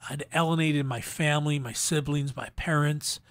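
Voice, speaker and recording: A middle-aged man telling his personal testimony as an interview guest, in an earnest, halting way with frequent restarts. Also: a little high, fairly even intonation, no room sound. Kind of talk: emotional personal story in a faith interview.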